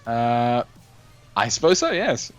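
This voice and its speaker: A man's voice: medium pitch, very animated, slow pace, soft background music. A man co-hosting a gaming live stream over a voice call, playful and teasing, laughing easily. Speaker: co-host. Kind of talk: casual live-stream chat.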